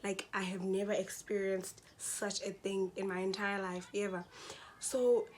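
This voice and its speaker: A woman's voice: mid-range voice, level tone, unhurried, a little mellow, slight background noise. A young woman tells a dramatic storytime vlog, talking to her viewers as guys and mixing in slang. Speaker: vlogger.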